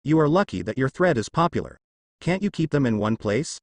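A man voicing a greedy, grumbling fake director, a little higher than his usual voice, in a storybook reading. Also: lively intonation, fairly quick, dry recording. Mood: angry. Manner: grumbling, angry.

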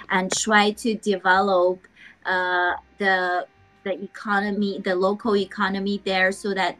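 A woman from China chatting on a video chat, speaking carefully and haltingly with many fillers. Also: medium pitch, fairly bright tone, low-quality recording. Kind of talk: casual chat.

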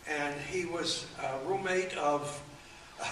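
A man in his eighties telling rambling anecdotes at a book event, halting often with fillers. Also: a little high, fairly bright tone. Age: 80s. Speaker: author and guest. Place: event room. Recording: echoey room, distant mic, faint room noise.

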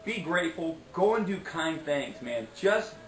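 A man's voice: on the high side, big pitch swings, measured pace, reverberant, poor audio. A middle-aged man telling a story in a casual vlog, chatty and preachy, often tossing in "okay?" and "anyways". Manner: preachy, motivational asides. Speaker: vlogger.

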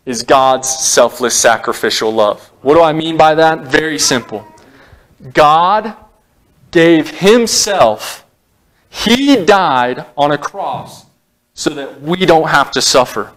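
A man, a pastor, preaching a sermon in a conversational storytelling way, with asides and small jokes. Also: mid-range voice.

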